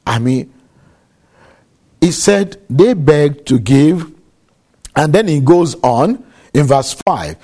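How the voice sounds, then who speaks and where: A man preaching a sermon, measured and deliberate, repeating key phrases for emphasis. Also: on the high side, lively intonation, warm tone, slightly rough.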